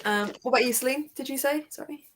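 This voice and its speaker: A woman's voice: high-pitched, quick pace, background noise. A British woman hosting a livestream, chatting casually and reading viewers' comments aloud with frequent laughter. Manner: chatty, laughs often between thoughts. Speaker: livestream host.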